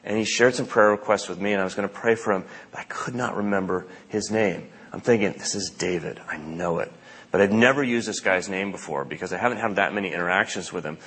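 Husky-voiced pastor in an echoing hall. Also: male voice, fairly low pitch, quick pace, few pauses, fairly bright tone. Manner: conversational storytelling with acted-out quotes. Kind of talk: sermon. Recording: long reverb of a large hall.

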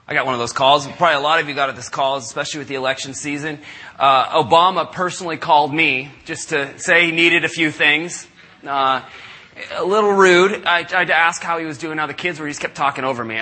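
A middle-aged man preaching, telling a story with lively asides and acting out the people in it. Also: on the high side. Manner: animated, acts out callers in raised voices. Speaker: pastor. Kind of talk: sermon storytelling. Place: church service.

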